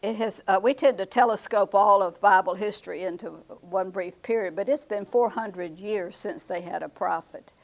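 A woman's voice: mid-range voice, normal speed, few pauses, rough recording. Older lady teaching bible class, chatty, repeats answers back, chuckles a lot.

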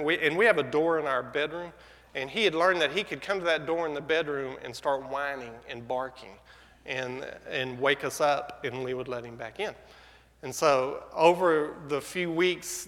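A man pastor telling a story in a sermon, conversational and halting with fillers and restarts. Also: on the high side, a bit bright. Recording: echoey hall sound.

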